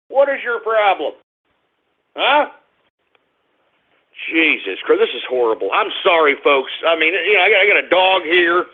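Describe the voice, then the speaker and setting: A man's voice: high-pitched, very animated, measured pace, pauses often. A man hosting a call-in radio show, ranting and repeating himself as he scolds his crying dog on air. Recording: tinny phone-like radio stream.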